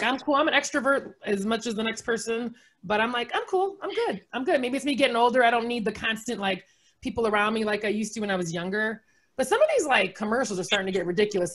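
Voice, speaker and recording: A woman in her forties doing a sarcastic, animated stand-up comedy set, laughing often between jokes. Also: medium pitch. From United States. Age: 40s.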